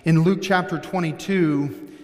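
Guy preaching a fired-up sermon, pretty high voice, echoey church hall. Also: fairly even intonation, unhurried. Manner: impassioned preaching, calls out congregants by name. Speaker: pastor. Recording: long hall reverb.

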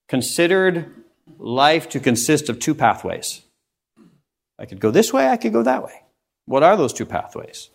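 Male pastor, mid pitch, earnest emphatic sermon delivery.

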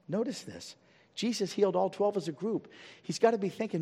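A man preaching a sermon as pastor, swinging from loud emphatic peaks to quiet low pleading and asking the congregation rhetorical questions. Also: normal speed, slightly rough. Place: church sanctuary. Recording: long reverb of a church hall.

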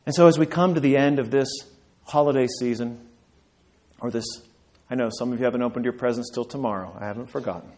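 A male pastor preaching a sermon, building to emphatic peaks and dropping to quiet, earnest lines. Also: medium pitch, fast.

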